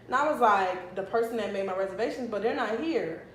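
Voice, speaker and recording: A young woman in her twenties telling a long story to her viewers in a casual, animated and profane way. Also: on the high side, brisk, echoey room, a little hiss or hum, low-quality recording. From Miami, Florida. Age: 20s. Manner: animated and profane, flaring into mock anger.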